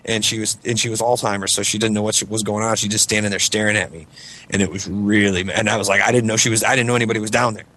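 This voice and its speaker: Man, slightly low voice, rambling casual storyteller. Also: steady tone, rapid-fire, pushed and bright. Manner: rambling storyteller, lots of fillers. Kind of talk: casual chat.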